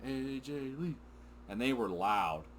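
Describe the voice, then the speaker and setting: A man's voice: mid-range voice, a little slow, a little hiss or hum. A middle-aged man co-hosting a wrestling recap with his son, chatting casually, rambling and getting sidetracked. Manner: excitable, rambling, often sidetracked and laughing. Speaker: co-host of a father-and-son wrestling recap show. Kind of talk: casual chat.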